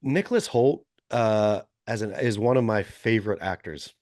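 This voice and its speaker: A man's voice: lowish voice, expressive, normal speed, a little mellow, no echo, clean studio sound. A man in his forties co-hosting a podcast, chatting casually and rambling through opinionated asides with frequent self-corrections. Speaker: podcast co-host. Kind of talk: casual chat.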